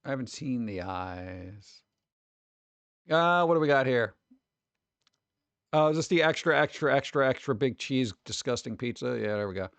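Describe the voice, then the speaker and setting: A man's voice: medium pitch, lively intonation, moderate pace, pauses often, a bit bright, clean tone, no echo. A man from New York streaming casually, reacting to chat with sarcastic, mumbled asides.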